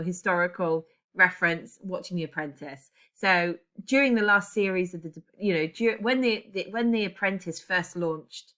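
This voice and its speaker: A woman's voice: fairly low pitch, pushed and bright. A woman in her forties teaching a class, chatty and digressive, often correcting herself as she goes. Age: 40s. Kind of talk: classroom lesson.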